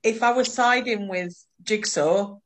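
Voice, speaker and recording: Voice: medium pitch, measured pace, a bit bright. Brief: chatty co-host, loose and sweary, talking films. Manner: chatty, swears, stammers on restarts. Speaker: podcast co-host. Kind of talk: casual film-review chat.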